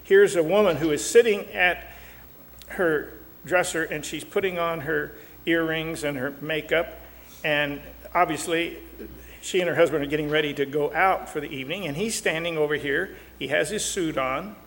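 Older man counselor, light pitch, folksy jokes, reverberant sound. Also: moderate pace, fairly bright tone, a little hiss or hum. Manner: folksy, joking, acts out quotes. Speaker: marriage counselor. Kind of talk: talk show teaching.

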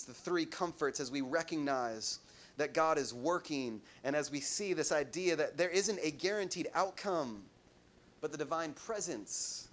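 High-voiced man preaching a sermon. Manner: rhetorical questions to the congregation, emphatic repetition. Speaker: pastor.

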